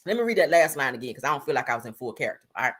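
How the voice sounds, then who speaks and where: A woman's voice: very deep voice, sing-song, racing, breathy edge. A woman hosting a live stream, giving blunt, sassy gossip commentary and calling her viewers "honey" and "girl.".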